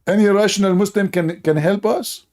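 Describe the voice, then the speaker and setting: A man's voice: sits high, fairly even intonation, moderate pace, a little mellow. A man giving a sarcastic, mocking commentary monologue in broken, non-native English, laughing at his own points. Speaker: online religion critic.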